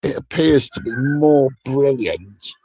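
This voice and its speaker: A man's voice: medium pitch, takes it slowly, dark tone, slightly rough, dry recording, poor audio. A middle-aged British man streaming, rambling through a sweary, sardonic, digressive rant in casual chat.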